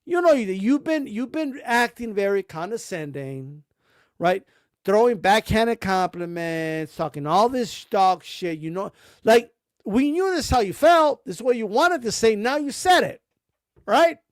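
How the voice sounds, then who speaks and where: A man's voice: high-pitched, animated, a little slow, no echo, clean studio sound. A man streaming about boxing, ranting sarcastically with profanity and repeated rhetorical questions. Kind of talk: heated rant.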